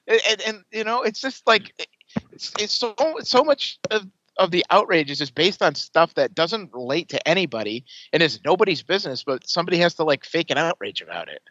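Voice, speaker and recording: A man co-hosting a podcast, ranting in casual chat with exasperated, animated swearing. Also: fairly high pitch, fairly quick. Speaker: podcast co-host. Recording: dull lo-fi dry podcast mic.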